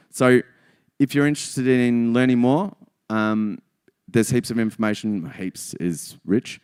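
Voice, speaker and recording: A man's voice: lowish voice, clear, resonant tone. A man with an Australian accent giving a joking, self-deprecating conference talk on stage. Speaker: conference speaker.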